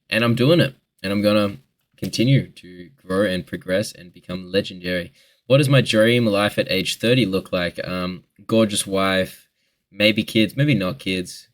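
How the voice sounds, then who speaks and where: A twenty-year-old Australian man answering viewer questions in a rambling, joking casual chat, swearing freely. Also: sits low.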